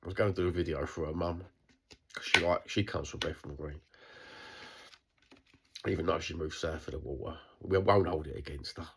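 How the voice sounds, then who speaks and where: A man's voice: sits low, normal speed, vocal fry, long pauses, a little hiss or hum. A middle-aged Cockney man from East London talking bluntly in an unscripted video diary, swearing and rambling with restarts. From East London, England. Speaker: vlogger.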